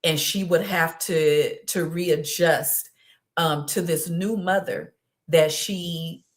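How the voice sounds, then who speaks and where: A woman's voice: low voice, slow. A middle-aged woman, a guest speaker, telling her story in an interview with heartfelt, building energy. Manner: heartfelt storytelling, rising with excitement. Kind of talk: conversational interview.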